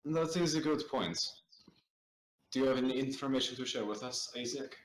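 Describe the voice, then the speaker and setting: A man at a tabletop role-playing game, speaking stiffly and formally in character and joking between turns. His voice is middle-pitched. The room adds a clear echo. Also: normal speed. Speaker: player. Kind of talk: tabletop role-play chat. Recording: echoey room.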